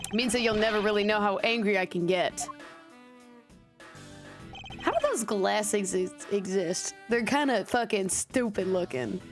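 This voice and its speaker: A woman's voice: medium pitch, measured pace. A young woman streamer giving crude, joking commentary while playing a game. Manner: crude, joking, laughing asides. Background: game music.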